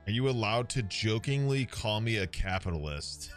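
A man streaming a game, chatting casually to his viewers, excitable and swearing often. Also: fairly low pitch, moderate pace, hardly any pauses, faint music behind. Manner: excitable, swears a lot, talks to chat.

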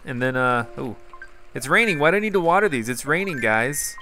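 A gaming YouTuber gives rambling, chatty gameplay commentary, talking directly to his viewers. His medium-pitched voice is expressive, brisk, bright, and forceful, with faint music behind him.

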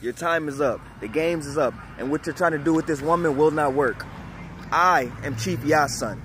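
A man's voice: a little high, normal speed, fairly bright tone, a little hiss or hum. A man vlogger speaking outdoors in an impassioned monologue to the camera, emphatic and preachy, repeating phrases for effect.

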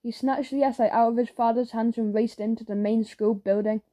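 A woman narrates a children's audiobook in a lively storytelling manner. Her voice is mellow and warm, and sits a little high. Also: brisk.

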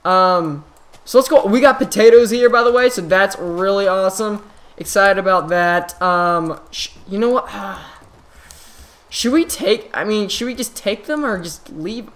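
A man talks through his game session into a desktop microphone, in loose, casual commentary. He is quick to exclaim and often restarts his sentences as things happen on screen. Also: high voice. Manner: excitable, frequent exclamations and restarts. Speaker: gaming channel host.

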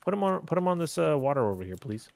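A man's voice: a little high, sing-song, rapid-fire, gravelly, a little mellow. A man bantering playfully while playing a co-op game, teasing his friend and chanting words in a sing-song way. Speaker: co-op game streamer. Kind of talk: casual gameplay banter.

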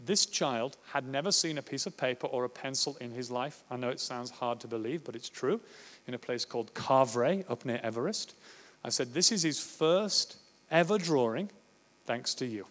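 A man from Australia gives an animated conference talk on teaching, often slipping into little classroom scenes. His voice sits at a medium pitch. It rings out through a long hall reverb from a stage mic. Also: moderate pace. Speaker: education speaker.

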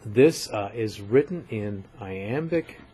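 A man's voice: fairly low pitch, expressive, slow, dark tone, slight background noise. An older man giving a recorded lecture on poetry, explaining step by step and often checking in with "right?".

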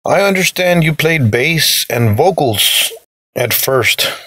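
A man hosting a podcast, asking measured interview questions. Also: a little high, lively intonation, sharp tone, slight background noise. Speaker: podcast host.

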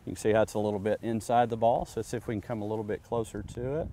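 A man's voice: lowish voice, steady tone, racing, mellow. A man giving a golf putting lesson outdoors, patiently coaching step by step. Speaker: golf instructor.

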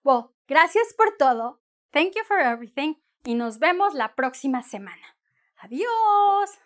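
A woman teaching a bilingual lesson, energetic and playful, acting out what a shopper and a seller would say. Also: high-pitched, a little fast. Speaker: Spanish teacher.

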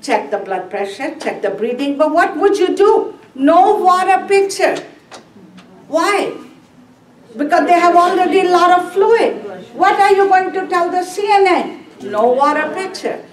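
A woman's voice: very high-pitched, animated, moderate pace, a little hiss or hum. A woman teaching a nursing review class, asking and answering her own questions and repeating key words. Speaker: nursing instructor. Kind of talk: classroom lecture. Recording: roomy classroom from a distance.

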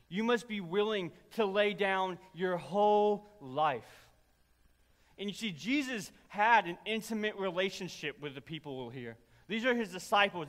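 A young adult man preaching a sermon, telling a funny personal story in an animated, self-deprecating way. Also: high-pitched. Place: church sanctuary. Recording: reverberant church hall.

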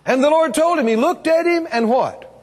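A man's voice: extremely high pitch, normal speed, in a large hall. A man preaching a revival sermon, emphatic and calling on the congregation to answer back. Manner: emphatic, call-and-response with the congregation. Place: church or meeting hall.

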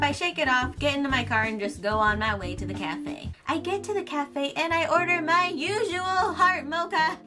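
A young woman with a high, bright-pitched voice tells a storytime tale in a casual, animated way. She is dramatic and quick to shriek or swear, with background music underneath. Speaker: YouTuber telling a story.

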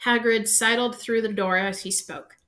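A woman's voice: on the high side, normal speed. Woman reading a storybook aloud. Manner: steady storytelling narration. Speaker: reader.

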